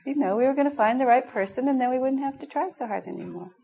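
A woman's voice: sits high, fast, creaky, poor audio. A middle-aged woman teaching a spiritual class, telling stories with frequent laughter. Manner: warm storytelling, laughing often. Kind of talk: spiritual class talk with anecdotes.

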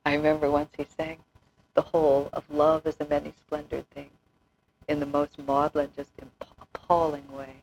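A woman's voice: deep voice, completely flat delivery, normal speed, creaky, a little mellow, slight background noise, poor audio. Laughing woman telling spiritual anecdotes. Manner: chatty storyteller, laughs often, acts out quotes. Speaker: spiritual teacher. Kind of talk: informal spiritual talk with anecdotes.

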